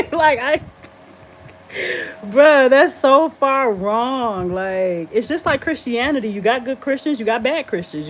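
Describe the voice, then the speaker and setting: A woman's voice: medium pitch, darkish tone, slight background noise. A woman chatting casually on a live stream, blunt and defiant, laughing often and answering viewers' comments. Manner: talks back to viewers and comments.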